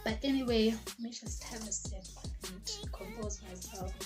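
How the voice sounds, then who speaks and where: A young South African woman vlogger tells a personal story in a casual storytime style, her English sprinkled with Zulu words and colored by a South African accent. Her voice is on the high side and her pace moderate, with music playing in the background.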